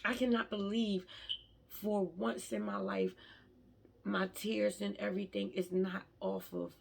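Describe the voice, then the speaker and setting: A woman's voice: medium pitch, lively intonation, a little slow, gravelly, slight background noise. A woman talking emotionally and from the heart in a personal faith vlog, often restarting her sentences. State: tearful at times. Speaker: vlogger.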